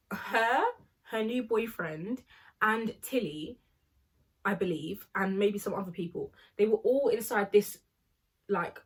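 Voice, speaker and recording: A young woman telling an animated, slangy storytime vlog. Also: mid-range voice, breathy edge. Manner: animated, slangy, laughs often while telling. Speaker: vlogger.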